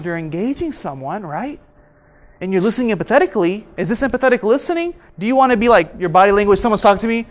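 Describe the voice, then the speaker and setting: A male instructor leads an interactive seminar in a training room. He throws questions at the audience and acts out his examples with animated energy. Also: sits high. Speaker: workshop instructor.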